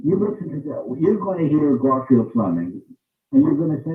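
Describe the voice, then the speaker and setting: A man's voice: mid-range voice, big pitch swings, moderate pace, distant mic. A man in an interview, explaining what he looks for in singers in an emphatic way, repeating his points for stress. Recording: tinny phone-like sound, roomy, off-mic.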